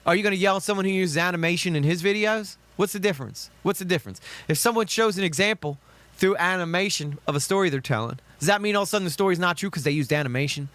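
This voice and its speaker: Ranting man with a bright, dry voice. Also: high-pitched, fast talker, dry recording. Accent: Southern US. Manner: heated, profane, ranting. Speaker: commentary streamer reacting to videos. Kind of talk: angry reaction commentary.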